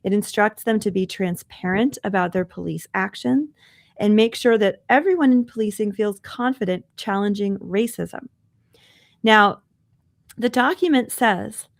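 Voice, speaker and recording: A woman's voice: on the high side, moderate pace. A woman co-hosting a podcast, earnestly recounting a news story in conversational commentary. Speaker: podcast co-host.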